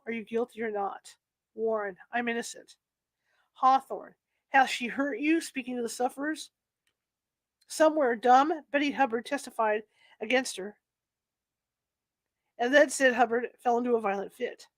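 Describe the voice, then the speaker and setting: A woman with a slightly high voice reads from a history book, halting and correcting herself as she works through archaic phrasing. The sound is dry and close, with almost no room in it. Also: dry recording. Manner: halting, stumbles and restarts over old-fashioned wording. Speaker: reader. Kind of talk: reading aloud from a history book.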